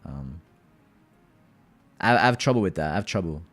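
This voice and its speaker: A man's voice: deep voice, animated, moderate pace. A man streaming live and chatting casually with his viewers, talking in a laid-back, rambling way and often addressing the chat directly.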